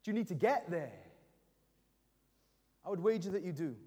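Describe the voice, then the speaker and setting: A middle-aged man delivers a sermon in a strikingly high voice. He acts out heartfelt prayers with real feeling. His words ring out through a hall with a long echo. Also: animated, moderate pace, warm tone, slightly rough. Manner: emotional, voicing prayers aloud with rising intensity. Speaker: pastor.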